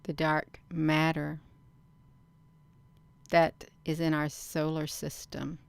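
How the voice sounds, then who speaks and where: Slow and monotone, a woman with a low, gravelly voice reads a document aloud on her own channel and comments on it casually. She emphasizes words, repeats phrases and keeps calling out to "you all"; her tone is clean and the recording dry.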